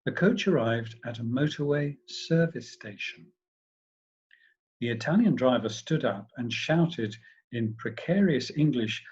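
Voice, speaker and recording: Brief: male professor narrating a story, husky voice, dull lo-fi recording. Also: medium pitch, lively intonation, unhurried, a little mellow. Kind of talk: story reading in a lecture.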